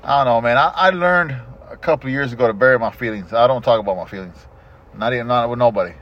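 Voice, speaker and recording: A middle-aged man hosting a casual podcast chat, telling stories in an animated, profane way. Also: medium pitch, fast. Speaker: podcast host. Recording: dull lo-fi podcast audio.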